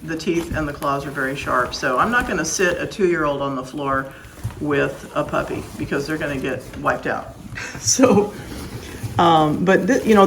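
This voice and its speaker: Faint noise sits beneath a low-quality recording of a dog breeder with a lowish voice. She explains new-puppy care in a casual vlog, firm, emphatic, and strict in a plain-spoken way.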